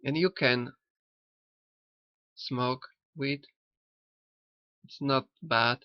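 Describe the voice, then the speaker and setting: A man who learned later in life muses slowly on a cartoon in a loose, spiritual way, halting and repeating himself. His gravelly, medium-pitched voice stays fairly even in intonation. The recording is dry, dull and lo-fi with no room sound, as if made close up on a cheap mic.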